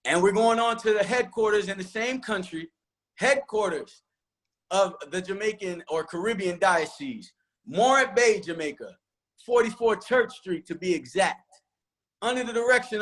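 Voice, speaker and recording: A man's voice: high-pitched, lively intonation, normal speed, a bit bright. A man who directs a church choir, giving long, emotional thanks and acknowledgements on a virtual church panel.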